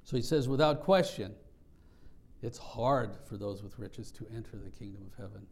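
Man, pastor, sermon, gravelly, warm and dark tone, earnest, reflective. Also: fairly low pitch, moderate pace. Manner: earnest, reflective teaching with frequent restarts.

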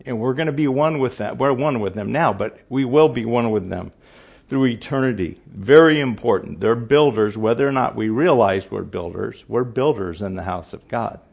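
A man's voice: medium pitch, moderate pace, vocal fry, a little mellow, breathy edge, muffled recording. An older man giving an informal Bible teaching, repeating his points for emphasis and often restarting his sentences.

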